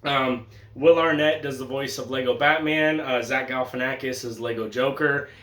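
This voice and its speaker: A young man chatting casually about his film collection, joking, swearing freely and laughing often, with sudden loud bursts of excitement. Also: mid-range voice, normal speed. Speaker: collector showing his Blu-ray haul. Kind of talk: casual chat vlog. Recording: echoey room.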